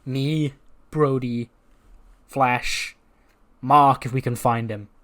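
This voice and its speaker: A man doing a brooding, fed-up dark wrestler. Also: medium pitch, steady tone, very slow.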